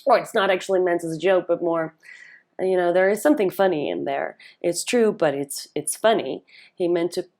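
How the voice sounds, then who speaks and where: A woman speaking coach comments on a recorded speech in her own video. Her voice sits fairly low with a gravelly vocal fry. She talks in a chatty way, thinking aloud with fillers and restarts, and leans on the words she wants to stress. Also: normal speed, darkish tone.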